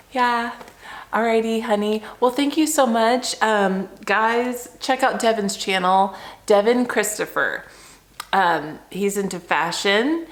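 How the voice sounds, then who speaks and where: A woman handbag vlogger doing an unboxing vlog, gushing and effusive, with lots of ums. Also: medium pitch. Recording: roomy echo.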